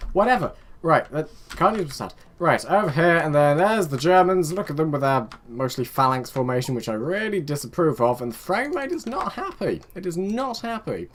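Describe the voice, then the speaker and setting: A young man giving casual let's-play commentary, rambling and chatting to his game units with muttered asides. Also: medium pitch. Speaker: gaming video host.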